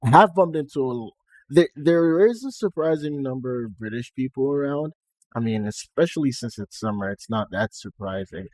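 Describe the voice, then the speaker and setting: A man's voice: medium pitch, lively intonation, normal speed, a little mellow, no echo. A young Nigerian man speaking in a put-on generic American-Canadian accent, chatting casually on a live stream and often laughing at himself. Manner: chatty and self-amused, laughing between remarks.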